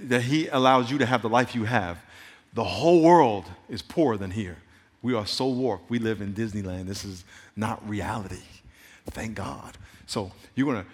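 A man preaching a sermon, telling animated stories and cracking playful jokes to his congregation. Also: medium pitch. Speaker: pastor. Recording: long hall reverb.

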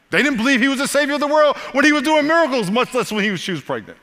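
An older man preaching a sermon as pastor, telling the story with lively, acted-out asides. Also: very high-pitched, rapid-fire, few pauses, long reverb tail. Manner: animated storytelling with voiced asides.

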